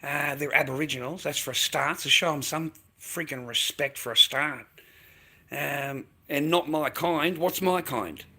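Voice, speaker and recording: Australian guy going off on a livestream, swearing a lot, bright sharp voice, keeps repeating himself. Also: on the high side, measured pace. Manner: aggressive, profane, repetitive, talks back to chat. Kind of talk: angry live-stream rant.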